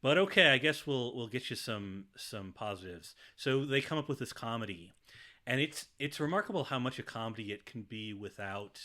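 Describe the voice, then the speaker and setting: A man's voice: medium pitch, animated, normal speed, pushed and bright. A man co-hosting a podcast, chatting casually and animatedly, acting out quotes from a show with laughs. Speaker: podcast co-host. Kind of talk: casual chat.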